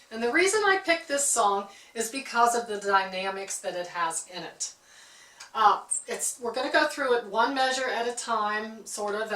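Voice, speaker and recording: A woman's voice: mid-range voice, sharp tone, distant mic. Woman teaching harp in a roomy space. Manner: patient, explanatory, says "okay" often. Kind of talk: music lesson. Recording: roomy, from off-mic.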